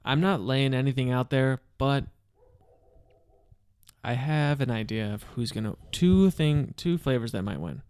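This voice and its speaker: Guy cohosting a chill podcast, smooth voice, hams it up like an announcer sometimes. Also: medium pitch, unhurried, a little mellow, dry recording, clean studio sound. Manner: playful mock-announcer delivery. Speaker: podcast co-host. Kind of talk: casual chat.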